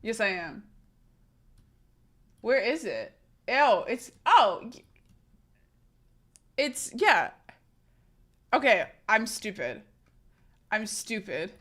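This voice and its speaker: A young American woman talks loosely on a live stream, laughing at herself and trailing off mid-thought. Her voice is bright and a little high, and she rambles with self-mocking humor. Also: very animated, very slow, long pauses. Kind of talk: casual live-stream chat.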